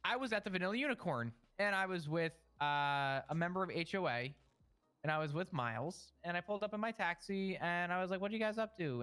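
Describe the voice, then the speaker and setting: Brief: man, slightly high, bright voice, rambling profane in-character storyteller. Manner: rambling, profane, stammering retelling. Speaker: roleplay character telling a story.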